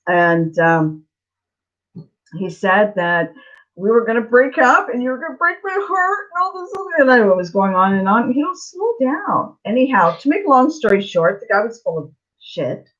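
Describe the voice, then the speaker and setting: A slightly high, fairly bright voice belongs to a middle-aged woman, a psychic tarot reader, who is very animated and speaks at a moderate pace. She casually tells a blunt, rambling, chatty story during a live Q&A stream recorded in slightly dull lo-fi.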